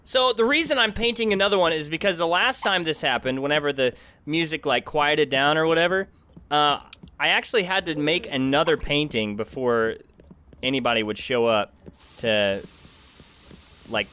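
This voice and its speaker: A man hosting a let's play, chatting to himself as he plays and swinging between loud outbursts and quiet mumbling. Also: fairly high pitch, normal speed, smooth. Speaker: gaming channel host.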